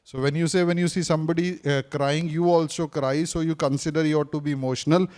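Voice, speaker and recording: A man with a fairly high voice leads a classroom lesson, firing questions at his audience and circling back to the same point. He talks to the room in a teacherly, probing way. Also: steady tone, fast, darkish tone. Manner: questions the audience, repeats points, switches briefly into Hindi. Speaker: speaking coach teaching a class. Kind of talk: interactive classroom lecture.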